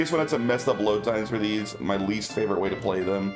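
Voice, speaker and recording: A man's voice: fairly low pitch, expressive, fairly quick, hardly any pauses. A man streaming a game, chatting casually and joking with lots of fillers. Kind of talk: casual gameplay commentary. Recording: game stream with loud music behind.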